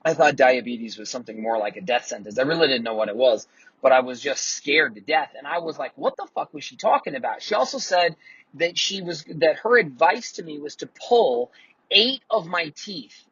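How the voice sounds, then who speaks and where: A man's voice: fairly high pitch, lively intonation, moderate pace, fairly bright tone, husky, no room sound, dull audio. A man in his forties hosting a casual mentoring talk, telling a personal story in a candid, profane way. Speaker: host.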